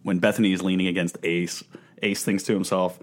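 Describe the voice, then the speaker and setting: A man co-hosting a casual podcast chat, making dry, deadpan jokes. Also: low voice, fairly quick. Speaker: podcast co-host. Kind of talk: casual book-club chat.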